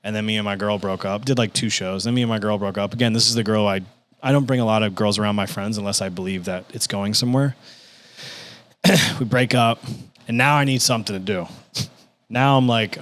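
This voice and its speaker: A comedian guesting on a podcast talks a little fast in a lowish register, telling stories in a relaxed way. He gets lively when he voices other people, cursing through their lines.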